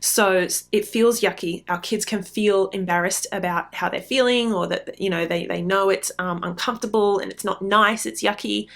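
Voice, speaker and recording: A middle-aged woman hosting a parenting podcast, giving advice in a relaxed, conversational way with frequent ums. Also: mid-range voice, normal speed, vocal fry, hardly any pauses. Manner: conversational, frequent ums, acts out quoted lines. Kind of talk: casual advice talk. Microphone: podcast mic.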